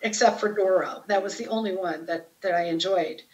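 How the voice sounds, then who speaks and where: A woman's voice: on the low side, a little fast. A woman guest, a guitarist, chatting casually in an interview and telling stories with lots of fillers and restarts. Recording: dull lo-fi sound.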